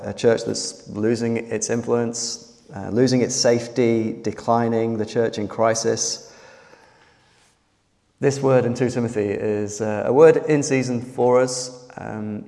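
A man preaching a sermon in an earnest way, slightly hoarse after losing his voice, pausing often with fillers. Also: mid-range voice, mellow, long reverb tail.

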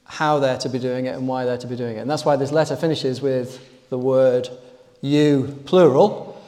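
Preacher with a mellow voice in a reverberant church. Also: male voice, medium pitch, fairly even intonation, moderate pace. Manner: conversational, emphatic on key words. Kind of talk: sermon.

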